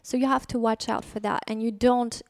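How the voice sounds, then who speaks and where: Brief: female podcast guest, candid and emotional, slightly gravelly, dry close sound. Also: a little high, fairly even intonation, brisk, dry recording. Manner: frank, emotional storytelling. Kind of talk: candid interview conversation.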